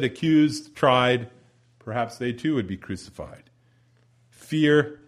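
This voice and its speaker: Male preacher, lively sermon delivery, dramatic pauses, drops to near whisper. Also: mid-range voice.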